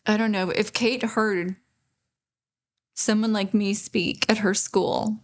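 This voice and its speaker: A woman speaking as a grieving mother in an interview, halting and pausing, restarting her sentences. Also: medium pitch, fairly even intonation. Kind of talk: emotional interview testimony.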